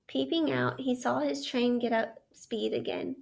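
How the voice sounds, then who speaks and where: A woman teacher reads a story aloud in a measured way and stops to ask the listener questions. Her voice sits high for a woman and carries a strong gravelly fry. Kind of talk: read-aloud lesson narration.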